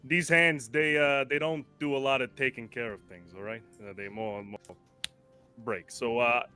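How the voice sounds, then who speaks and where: Streetwise haggler who never pays full price, a man voicing him; low-key tough talk, bright edge. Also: steady tone, moderate pace, clear, resonant tone, soft background music, close to an everyday voice. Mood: wheeling-dealing.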